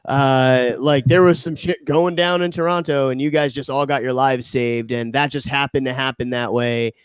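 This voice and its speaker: A man's voice: medium pitch, steady tone, normal speed, clear, resonant tone. A young man co-hosting a podcast in casual banter, joking around and swearing freely. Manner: joking, swearing, puts on mock Canadian voice. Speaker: podcast co-host.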